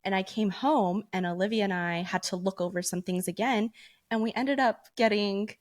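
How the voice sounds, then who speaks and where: A young woman co-hosts a podcast, telling stories in loose, slangy chat. She is playful and chatty, with a voice at a middle pitch. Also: normal speed, a little mellow. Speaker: podcast co-host. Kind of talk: casual chat.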